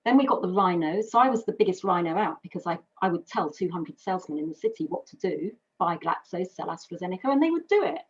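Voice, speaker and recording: A woman's voice: fairly low pitch, sing-song, fast talker, hardly any pauses, breathy edge. A British woman and carer giving an earnest, personal webinar talk, explaining with metaphors and lists. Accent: British English. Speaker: carer speaker. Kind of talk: webinar presentation. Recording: dull lo-fi webinar audio.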